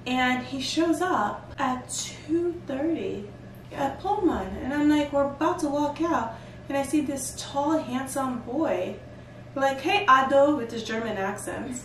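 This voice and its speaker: A woman's voice: high voice, slow pace. Chatty woman, echoey far-off mic. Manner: animated, playful storytelling with bursts of laughter. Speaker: vlog host. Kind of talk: casual chat. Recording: echoey room, from a distance, faint noise.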